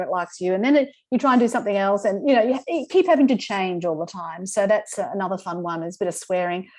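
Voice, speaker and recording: A woman's voice: medium pitch, darkish tone. Chatty Australian woman presenting. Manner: chatty, informal. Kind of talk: webinar presentation.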